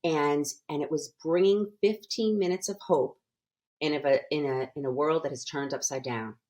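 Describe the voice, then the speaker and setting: A woman's voice: low-pitched, moderate pace, darkish tone. An older woman guest on a podcast, talking earnestly and emphatically, often restarting her sentences. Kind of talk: casual podcast conversation.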